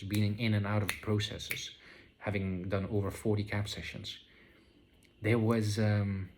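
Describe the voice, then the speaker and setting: A man with a low voice gives a casual spoken reflection on his own experiences. He talks in a slow, searching way, with many fillers and restarts. His tone stays calm and unhurried. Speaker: vlogger sharing spiritual experiences.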